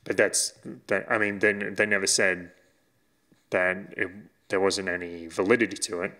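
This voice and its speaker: A man's voice: deep voice, little pitch movement, moderate pace, bright, forceful tone. A man co-hosting a casual chat podcast, rambling and hesitant with frequent laughs. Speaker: podcast co-host.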